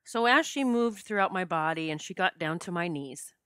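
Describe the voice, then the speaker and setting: Middle-aged woman host, low voice, dry close mic, heartfelt personal storytelling. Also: animated, moderate pace, fairly bright tone, clean tone, no echo. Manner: heartfelt, gets choked up and emotional. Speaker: podcast host.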